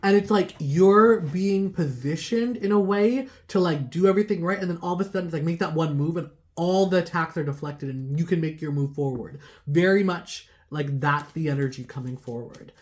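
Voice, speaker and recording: A woman's voice: on the low side, normal speed, hardly any pauses, a little mellow. A woman giving a casual tarot reading to her viewers, rambling with lots of "like" fillers and laughing at herself. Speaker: tarot reader.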